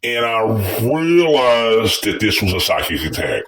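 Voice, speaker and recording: Low, animated man telling a story. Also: measured pace, far from the mic, poor audio. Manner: rambling and profane, with many restarts. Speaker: vlogger telling a personal story. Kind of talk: casual storytelling.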